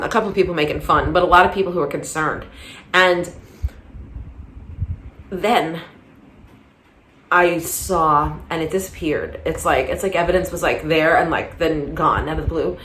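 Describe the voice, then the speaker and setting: A woman's voice: sits low, a bit bright, echoey room. A woman talking through a casual commentary monologue, rambling with many restarts and getting heated. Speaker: commentary vlogger.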